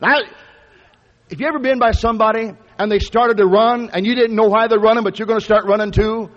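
A man's voice: high-pitched, steady tone, fast. A man preaching a sermon, telling a story in a folksy, conversational way with frequent restarts. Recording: lo-fi recording with long hall reverb.

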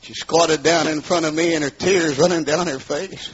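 A middle-aged man telling his testimony as a sermon, in an emphatic storytelling style that rises into shouts, on a dull lo-fi recording. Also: a little high, fairly even intonation, normal speed, slightly rough. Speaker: preacher giving testimony.

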